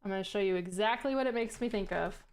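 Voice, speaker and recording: A woman with a medium-pitched voice talks fast while streaming and chatting casually. She's playful and pokes fun at herself, laughing a lot and sometimes cursing when she stumbles over her words.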